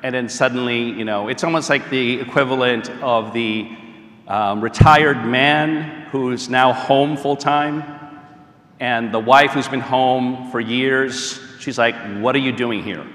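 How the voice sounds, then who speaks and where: An American man speaking at a middle pitch gives an easygoing lecture to a live audience. He talks conversationally, with frequent ums and "okay?" checks. His voice rings out with a long reverb in a large, echoey hall. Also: fairly even intonation, takes it slowly, a bit bright. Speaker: speaker leading a talk on marriage.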